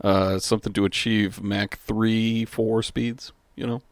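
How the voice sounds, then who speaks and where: Male co-host, lowish voice, laid-back and self-deprecating. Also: little pitch movement, normal speed, vocal fry, no echo. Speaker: podcast co-host. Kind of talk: casual podcast chat.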